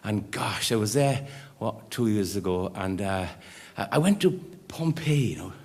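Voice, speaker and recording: A Welsh comedian and singer telling rambling, chatty anecdotes to a live crowd. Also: male voice, on the low side, animated, measured pace, creaky. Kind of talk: live stand-up storytelling. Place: live show in a large hall. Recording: live hall recording with music.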